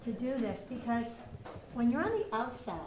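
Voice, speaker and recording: Middle-aged woman in a grief group, high voice, talking plain and earnest, far off in an echoey room. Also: big pitch swings, moderate pace, darkish tone, a little hiss or hum. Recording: echoey, distant room mic.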